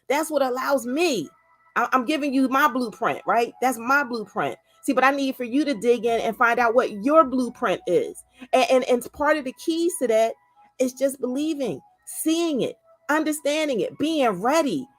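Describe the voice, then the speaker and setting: Fervent woman hosting a faith livestream. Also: high-pitched. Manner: exhorting, repeats words, calls out viewers by name. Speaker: livestream host. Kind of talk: motivational livestream talk.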